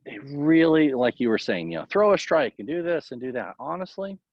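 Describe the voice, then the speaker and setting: Baseball coach, man, lively delivery that swoops up and down, lots of fillers; dry, close sound. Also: fairly high pitch, fairly quick, no room sound, muffled recording. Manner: rambling and animated, full of "you know". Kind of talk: casual interview giving coaching tips.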